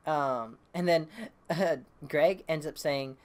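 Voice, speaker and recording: A woman's voice: fairly low pitch, a little slow. A woman reviewing a comic book issue, casually retelling the plot with lots of fillers and restarts, reading the characters' lines in her own voice. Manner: rambling, hesitant with many fillers and restarts; reads quoted dialogue in her own voice.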